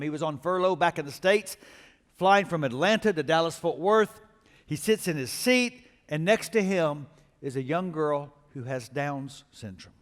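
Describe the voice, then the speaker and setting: High-voiced preacher in a ringing hall. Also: male voice. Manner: storytelling preacher, building to emphatic exhortation. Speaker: pastor. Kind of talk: sermon. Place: large church auditorium. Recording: long reverb of a large church hall.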